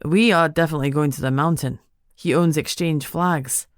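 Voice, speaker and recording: A woman voicing a dry, blunt male inspector who talks in a flat, matter-of-fact way, in a dry audiobook recording. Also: low voice, moderate pace, dry recording, natural voice.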